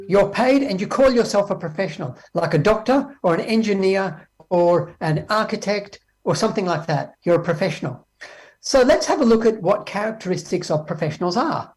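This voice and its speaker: An Australian man giving a conference keynote on education, talking lively and acting out exchanges with teachers. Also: high voice. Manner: lively, acts out dialogues with teachers. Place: speaking remotely from Australia.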